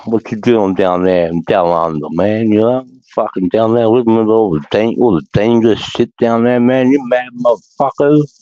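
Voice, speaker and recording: A man's voice: fairly low pitch, normal speed, few pauses, dark tone, dry recording, voice pushed up, close to an everyday voice. A man voicing a brash, friendly American soldier who drawls and swears, in slightly dull lo-fi audio. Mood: boisterous.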